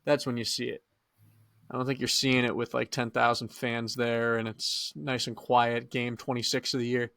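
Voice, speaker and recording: Male podcast co-host, relaxed opinions, dry close recording. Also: medium pitch, creaky, smooth, no room sound. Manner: laid-back, drawn-out opinions with fillers. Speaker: podcast co-host and high school coach. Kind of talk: casual sports chat.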